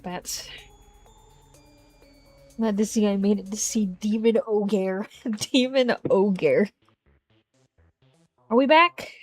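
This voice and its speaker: A woman's voice: medium pitch, slightly rough. A woman streaming a game and chatting casually with her viewers, rambling along and breaking into exasperated exclamations, speaking into a desk microphone. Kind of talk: casual live-stream chat.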